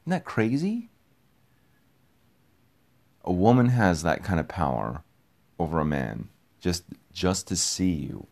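Deep-voiced man rambling excitably. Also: slow, gravelly, long pauses. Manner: rambling and repetitive, excitable, swears casually. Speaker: podcast host. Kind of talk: casual rambling monologue.

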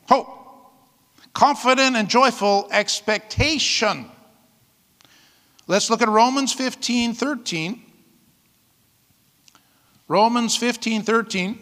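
A male pastor preaching a sermon in a lively way, often calling out "amen?" and laughing between points. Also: high voice, big-room sound.

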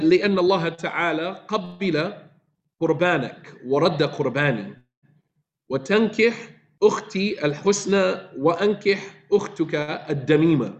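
A man's voice: fairly high pitch, a bit bright. A man teaching a religious class, reciting Arabic verses, translating them and asking his listeners rhetorical questions.

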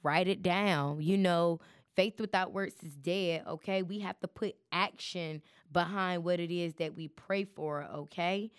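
A woman's voice: on the low side, unhurried, clear, resonant tone, no room sound, studio quality. Chatty woman podcast host. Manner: chatty, preachy, addresses listeners as y'all. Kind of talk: casual chat.

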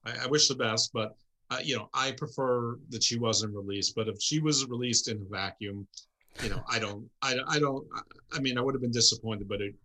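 Male co-host, bright and crisp, wry sense of humor, casual podcast chat. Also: mid-range voice, a little fast. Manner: wry, joking, animated asides.

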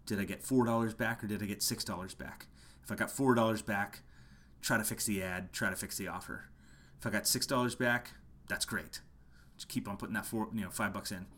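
A man's voice: fairly low pitch, fairly bright tone. A man who is a musician gives a casual, passionate marketing lesson at home late at night, hammering home his points by repeating them. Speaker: musician teaching online marketing. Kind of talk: casual marketing talk to camera.

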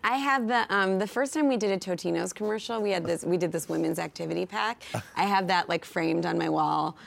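A woman comedian guest telling a giggly, animated story on a talk show. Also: fairly low pitch, brisk, vocal fry, slight background noise. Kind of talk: casual talk show chat. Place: TV studio.

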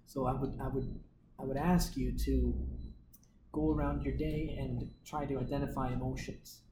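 A man's voice: medium pitch, little pitch movement, normal speed. Assertive man lecturing in an echoey room. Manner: assertive, explains with worked examples. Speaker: presenter teaching a team meeting. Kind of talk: casual instructive talk. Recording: echoey room with loud background noise.

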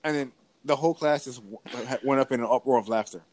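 A man co-hosting a casual podcast, telling stories in a lively way with frequent restarts. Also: mid-range voice, brisk, dry recording. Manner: animated storytelling with frequent restarts. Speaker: podcast co-host. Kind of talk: casual conversation.

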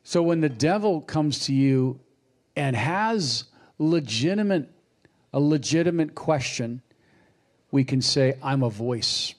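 A man preaching a sermon, unhurried and reflective, with lively acted quotes. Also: a little high.

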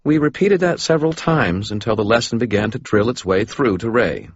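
A man's voice: lowish voice, animated, fairly quick, husky, no echo. A man reading a first-person audiobook in a dry, matter-of-fact way. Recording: dull lo-fi recording.

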